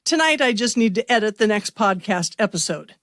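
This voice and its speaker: A woman hosting a podcast, giving measured scripted narration for a radio-theater mystery. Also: medium pitch, lively intonation, fairly bright tone, slight background noise.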